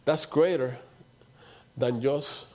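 A man's voice: mid-range voice, slow pace, darkish tone. A man preaching a sermon, repeating his points and building to emphatic outbursts.

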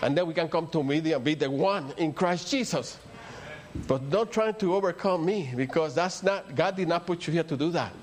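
This older pastor speaks at normal speed in a slightly high voice, carrying the accent of a native Spanish speaker. He preaches a wandering sermon packed with stories, building to emphatic peaks.

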